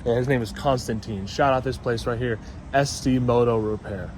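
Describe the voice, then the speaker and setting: A man's voice: mid-range voice, moderate pace, darkish tone, slight background noise. A young man talking casually to his vlog audience, rambling and swearing freely in a laid-back way. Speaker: vlogger.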